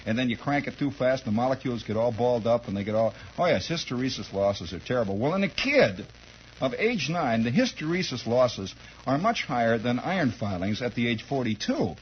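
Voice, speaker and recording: Animated man spinning a comic yarn. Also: medium pitch, a little fast, slight background noise. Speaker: radio host. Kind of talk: rambling comic storytelling monologue. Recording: dull lo-fi 1960s radio recording.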